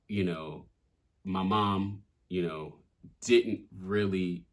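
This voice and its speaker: A young man speaks in a low register, his husky voice carrying an easygoing, candid flow. He talks through his own song with loose fillers and casual swearing, open and reflective. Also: a bit bright. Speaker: rapper breaking down his own track.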